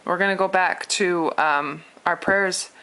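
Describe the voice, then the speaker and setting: A woman's voice: fairly low pitch, steady tone, measured pace, sharp tone. A young woman teaching Mandarin tones in a casual spoken lesson, patiently counting numbers aloud to demonstrate. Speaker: Mandarin tutor.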